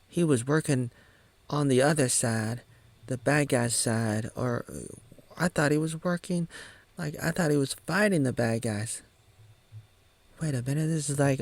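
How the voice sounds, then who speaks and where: Guy in his 30s from oregon rambling through a movie recap, slow and kinda low, jokey little singsong bits. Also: vocal fry, a little mellow. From Oregon, United States. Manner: rambling and jokey, with sing-song asides. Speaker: video maker recapping a film. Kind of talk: casual movie commentary.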